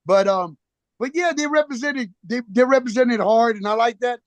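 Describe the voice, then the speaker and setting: A man's voice: very high-pitched, normal speed, no echo. A man on a video call from his phone, telling rambling, profanity-heavy stories in slangy street talk and acting out the back-and-forth. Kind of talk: casual chat on a video call.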